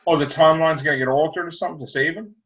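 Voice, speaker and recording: A man chatting on a casual fan podcast, animated, exclaiming and laughing often. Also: on the high side, rapid-fire. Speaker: podcast co-host. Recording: dull lo-fi sound.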